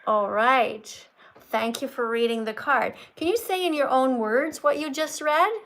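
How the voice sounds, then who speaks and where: A woman's voice: high-pitched, unhurried, a bit bright, poor audio. A woman hosting a livestream, lecturing a caller in an emphatic, scolding, preachy way. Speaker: livestream host teaching veganism.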